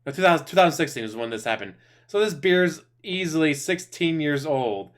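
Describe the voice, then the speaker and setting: A man's voice: fairly high pitch, animated, brisk. A man streaming casual reaction commentary, mocking and laughing as he tells stories and swears freely.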